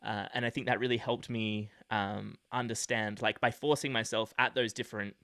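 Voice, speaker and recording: A man with a low, gravelly voice and a sharp, bright tone co-hosts a casual podcast. He speaks reflectively, with plenty of hesitations and fillers. The recording is close and dry. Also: steady tone, normal speed, dry recording. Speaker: podcast co-host.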